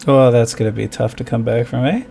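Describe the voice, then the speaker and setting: A man's voice: medium pitch, steady tone, a little fast, creaky, background noise. A man playing a tabletop game, talking in a casual, rambling and reflective way during a break. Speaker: player.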